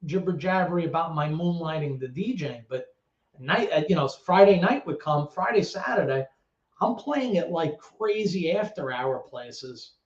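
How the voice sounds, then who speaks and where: This former actor and DJ, a middle-aged Bronx, New York native, tells casual interview stories at a moderate pace, full of streetwise energy, impressions of other people, and free swearing. His voice sits a bit high for a man. Sound is echoey, roomy, dull, and lo-fi.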